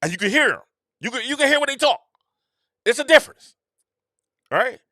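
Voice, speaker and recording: A man hosts his own show in a slangy, emphatic riff. His voice sits high and swings widely in pitch, with a bright, tense edge, recorded dry and close. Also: lively intonation, brisk, no room sound. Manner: repetitive, emphatic, slangy and conversational. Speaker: show host. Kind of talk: casual commentary monologue.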